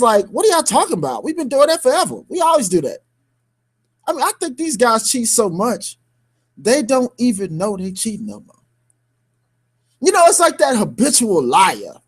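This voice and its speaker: A man co-hosting a sports radio show, ranting heatedly in slang-filled talk with bursts of laughter. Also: very high voice.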